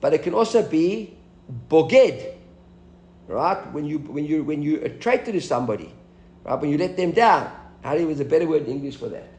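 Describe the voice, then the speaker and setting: A man's voice: fairly high pitch, expressive, normal speed, a little mellow, reverberant. A man teaching a Talmud class, explaining the text and asking his students questions as he goes.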